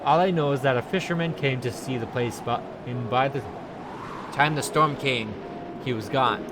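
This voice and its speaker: A man's voice: medium pitch, normal speed, background noise, close to an everyday voice. A man doing a chipper, rambling woman tourist officer. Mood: flustered. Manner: rambling, overly formal. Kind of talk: reading game dialogue aloud.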